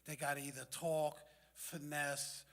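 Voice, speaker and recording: A man with a slightly high voice tells a streetwise personal story to a gathered group. His words ring out with a long reverb from the hall. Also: flat delivery, unhurried, creaky, a bit bright. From South Bronx, New York. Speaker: community meeting speaker.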